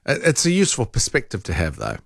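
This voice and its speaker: A man's voice: mid-range voice, huge pitch swings, fast talker, creaky, slightly rough, no echo, studio quality. A man hosting a casual radio chat, easygoing and questioning, stumbling over his words.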